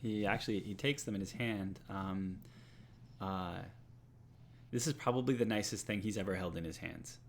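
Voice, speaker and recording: A man narrating as game master for a tabletop role-playing game, in a relaxed way with many fillers. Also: deep voice, normal speed, slight background noise.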